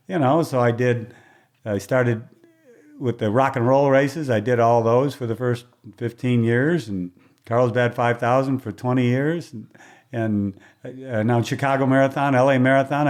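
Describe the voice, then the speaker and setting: An older man, a race announcer as a guest, telling stories from his career in chatty, casual conversation and acting out what people said. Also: mid-range voice. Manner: lively storyteller who acts out quoted dialogue; chatty, with restarts and throat clearing.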